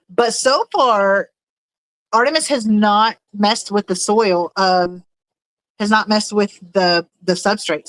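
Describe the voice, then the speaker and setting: A woman hosts a casual livestream, rambling as she chats and reads viewers' messages aloud, often searching for words. Her mid-range voice is fairly bright, and the recording is rough, with no echo.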